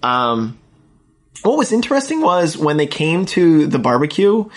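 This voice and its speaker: A man's voice: fairly high pitch, very animated, a little slow. A man casually recapping a TV episode with a co-host, rambling and acting out the characters' lines. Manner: rambling retelling with acted quotes, many fillers. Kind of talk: casual chat.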